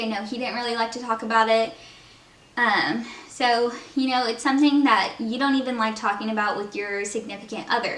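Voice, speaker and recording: A young woman talks in a chatty, heartfelt way while doing her makeup, peppering her talk with fillers. Her voice sits a little high. She is set back from the camera mic in an echoey room at home. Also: fairly bright tone, far from the mic. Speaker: beauty vlogger.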